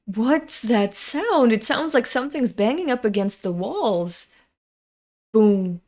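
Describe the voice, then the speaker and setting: A woman's voice: fairly high pitch, expressive, takes it slowly, a little mellow. Panicked servant, stammering and alarmed, put on by a woman reading aloud.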